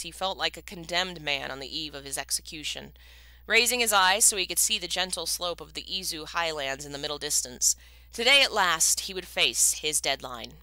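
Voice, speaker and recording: A woman reading a novel aloud live, with steady, even narration. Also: deep voice, no echo. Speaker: channel host reading a novel.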